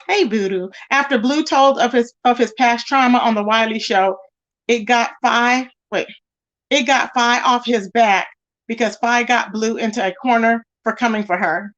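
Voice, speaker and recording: High-voiced woman chatting on a livestream. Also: normal speed, a bit bright, muffled recording. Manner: greets chatters by name, reads comments aloud, emphatic and repetitive. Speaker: livestream host. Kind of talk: casual livestream chat.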